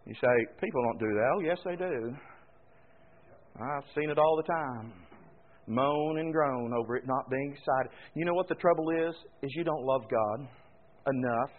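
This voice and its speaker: A man preaching a folksy sermon, swelling suddenly loud and then dropping quiet. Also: mid-range voice, moderate pace. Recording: tinny phone-like recording.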